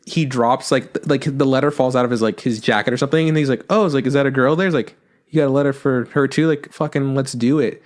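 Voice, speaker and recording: A man co-hosting a podcast, recapping an anime in casual chat, animated, swearing freely and acting out the characters' lines. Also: mid-range voice, fast talker. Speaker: podcast co-host. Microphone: podcast microphone.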